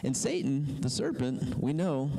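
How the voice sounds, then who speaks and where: A man preaching a sermon emphatically, with slow, drawn-out pauses. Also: medium pitch, sing-song, gravelly, mellow, rough recording. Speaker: pastor.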